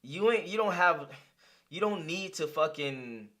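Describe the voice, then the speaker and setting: A young man reacting to a clip in blunt, profane, heated casual commentary. His voice is bright and forceful and sits a little high. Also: expressive, a little slow. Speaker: reaction streamer.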